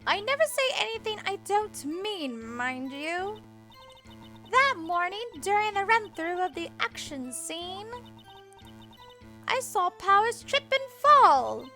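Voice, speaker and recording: A woman voicing a nosy, shrill old woman who scolds and brags as a witness in a courtroom game. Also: very animated, slow, pushed and bright, faint music behind, exaggerated voice. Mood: boastful. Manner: scolding, bossy, indignant.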